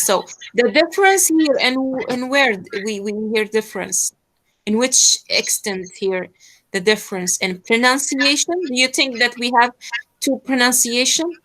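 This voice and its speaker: A woman's voice: on the high side, lively intonation, unhurried, a bit bright, poor audio. A woman teacher leads an online pronunciation lesson, hesitant and full of fillers. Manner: hesitant, many fillers, switches into Arabic to explain.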